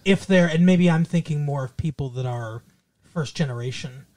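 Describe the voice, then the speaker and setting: A man's voice: a little high, normal speed, crowd noise. A man from Minnesota, co-hosting a podcast in casual chat, rambling with many restarts and fillers. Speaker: podcast co-host.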